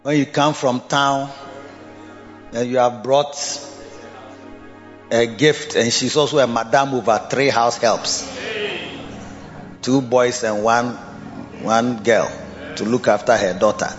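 A man preaching a sermon. He talks in an animated, repetitive way, laughs often and coaxes the listeners to repeat his words. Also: mid-range voice, takes it slowly, pauses often. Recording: dull lo-fi sound in a reverberant hall with faint music.

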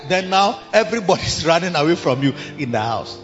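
A man's voice: a little high, very animated, fairly quick, hardly any pauses, long reverb tail, dull audio, faint music behind. A man preaching a sermon as a pastor, dramatic and acting out the voices of others. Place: large church hall.

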